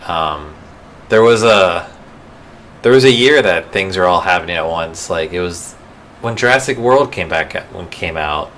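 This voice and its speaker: A man's voice: sits low, animated, a little slow, fairly bright tone, a little hiss or hum. A man co-hosting a casual movie chat podcast, playful and profane, acting out film lines. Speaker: podcast co-host.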